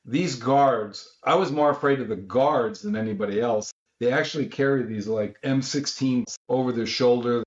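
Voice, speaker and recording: A man from Los Angeles, a guest author telling a story in an interview, acting out the shouted quotes of the people in it. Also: mid-range voice, roomy sound, muffled recording.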